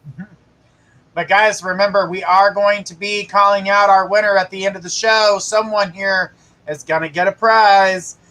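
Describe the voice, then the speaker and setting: A man with a high voice hosts a live psychic reading, speaking casually and reassuringly. His tone is bright and forward. He often gives the caller direct, firm advice. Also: steady tone, normal speed, low-quality recording. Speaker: psychic host.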